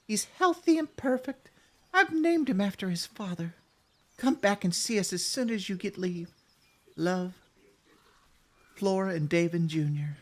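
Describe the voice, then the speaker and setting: Falsetto country-girl damsel, put on by a man streaming a game, sweet young mother, high and sing-song. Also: animated, measured pace, long pauses. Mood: tender. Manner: high falsetto damsel voice, twangy rural drawl. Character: sweet young mother writing to her soldier husband.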